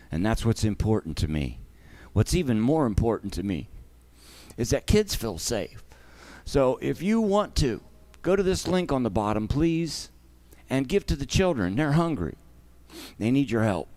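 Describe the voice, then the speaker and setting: A man's voice: on the low side, darkish tone. A man hosting a charity livestream, talking emotionally and expressively to his viewers.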